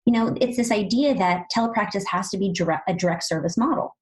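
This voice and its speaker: A woman speech-language pathologist co-hosting a podcast, chatting quickly and animatedly with lots of "you know"s. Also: mid-range voice, low-quality recording. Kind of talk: casual podcast chat.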